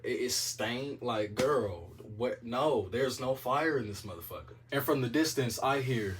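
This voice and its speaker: A man telling a story in a casual monologue, animated and profane, with a dramatic delivery. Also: medium pitch, slow, recorded from a distance.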